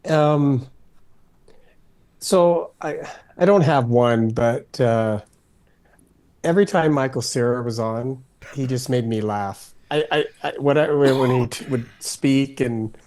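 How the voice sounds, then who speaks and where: Male panelist, mid-pitched, halting, lots of fillers and restarts. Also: darkish tone. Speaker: podcast panelist. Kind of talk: casual film discussion.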